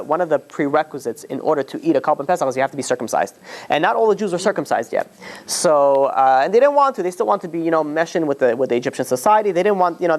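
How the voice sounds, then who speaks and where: A man teaching as a rabbi, telling a story informally to a class, with many restarts and asides, and acting out the quotes. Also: on the high side. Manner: chatty, with frequent restarts and "you know"s, acts out quotes.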